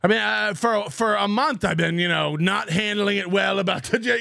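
A high-voiced man with a gravelly edge and a bright, pushed tone, ranting as a livestream host. He mocks his critics, swears freely and laughs between jabs. The sound is dry and close. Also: moderate pace, dry recording.

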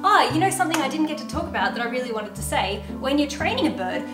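A woman's voice: sits high, sing-song, fast talker. A woman host chatting earnestly and emphatically in a casual Q&A at home. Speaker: YouTuber, parrot owner. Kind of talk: casual Q&A chat. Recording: roomy echo with background music.

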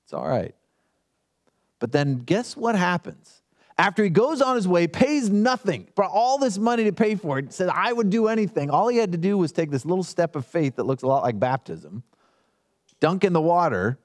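Guy pastor preaching, kinda high voice, bounces around a lot, chatty and jokey. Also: sing-song, normal speed, a little mellow. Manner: casual storytelling with playful asides. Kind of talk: sermon.

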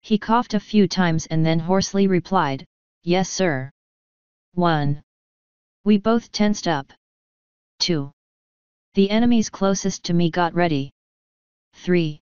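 A woman's voice: lowish voice, takes it slowly, long pauses, darkish tone, clear, resonant tone, dry recording. A woman steadily reading a first-person fan story aloud. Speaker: fanfiction reader. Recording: slightly muffled recording.

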